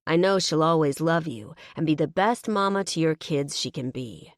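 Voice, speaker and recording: A bearded biker man, voiced by a woman, hearty and folksy as he raises a toast. The voice sits low and dry, with no room sound around it. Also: expressive, normal speed, no echo. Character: bearded male biker, big brother giving a toast.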